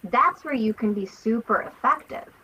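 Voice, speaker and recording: A woman co-hosting a casual book discussion, talking in an animated, emphatic way. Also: on the high side, normal speed, breathy edge, dull audio. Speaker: podcast co-host.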